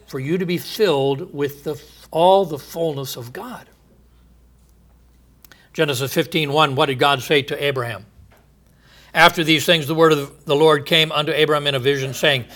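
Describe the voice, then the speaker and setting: Preaching a sermon, this man swells into drawn-out, emphatic phrases with rising volume and lets his voice drop low and quiet at the close of each idea. He chuckles briefly between points.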